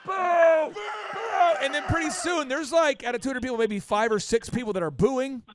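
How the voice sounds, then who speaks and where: A man's voice: extremely high pitch, lively intonation, fairly quick, very noisy. A man hosting a podcast, telling a story in casual chat and acting out quotes with big exaggerated voices. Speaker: podcast host.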